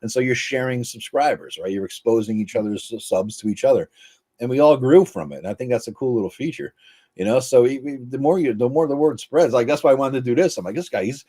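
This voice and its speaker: Host guy talking real fast, warm mellow voice, rambles and swears. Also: mid-range voice. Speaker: channel host. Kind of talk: casual chat.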